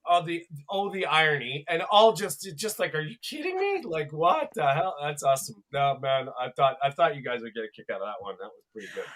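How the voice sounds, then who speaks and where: A man's voice: mid-range voice, quick pace, hardly any pauses, a bit bright. A man hosting a podcast in a laid-back, chatty way, laughing often. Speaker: podcast host. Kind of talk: casual podcast chat.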